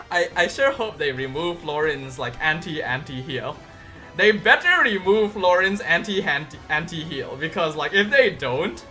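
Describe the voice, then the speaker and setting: A gaming video creator giving casual patch-notes commentary, excitable and quick to squeal with delight. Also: mid-range voice.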